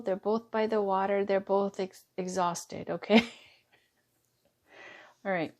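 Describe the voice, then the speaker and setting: A woman giving a chatty tarot reading, going hoarse as she loses her voice. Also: medium pitch, steady tone, measured pace, darkish tone. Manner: chatty, reassuring, drifts between reading aloud and asides. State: losing her voice. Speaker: tarot reader.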